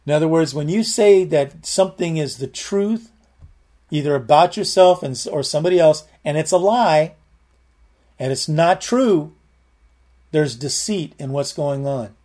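A man's voice: fairly high pitch, a little slow, warm tone. A man preaching a sermon, teaching verse by verse and explaining word meanings in an earnest, repetitive way.

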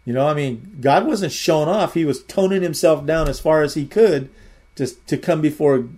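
A man's voice: on the high side, normal speed, darkish tone. A man giving a sermon, telling a personal testimony in an earnest, rambling way and often repeating his words. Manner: earnest storytelling.

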